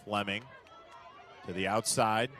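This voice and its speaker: A man doing live play-by-play commentary of a soccer match, calling the action at a steady pace and rising sharply when a big chance comes. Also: lowish voice, takes it slowly, some chatter behind, slight background noise.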